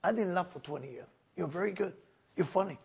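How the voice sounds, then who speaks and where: A man voicing a wealthy male patron in a story, coaxing and persuasive, in a gravelly high voice. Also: fast talker, heavily acted.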